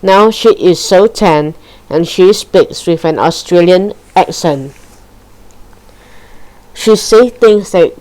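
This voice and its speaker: A woman reading a children's story aloud in a careful, even narration. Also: medium pitch, takes it slowly, low-quality recording. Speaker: storybook reader.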